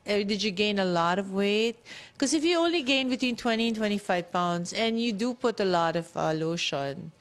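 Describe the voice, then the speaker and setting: A woman's voice: mid-range voice, expressive, moderate pace. A woman who works as a skin doctor, explaining treatments plainly in a casual radio chat.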